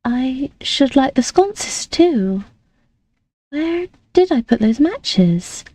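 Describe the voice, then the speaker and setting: A woman's voice: high voice, very animated, very slow, no room sound, pitched above the performer's own voice, heavily acted. Amelie, a woman doing a sweet sheltered young lady. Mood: cheerful. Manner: gentle and trusting.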